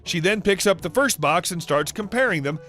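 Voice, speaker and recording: A man reading stories aloud in a brisk storytelling manner. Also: high voice, animated, sharp tone. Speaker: story narrator. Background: faint music.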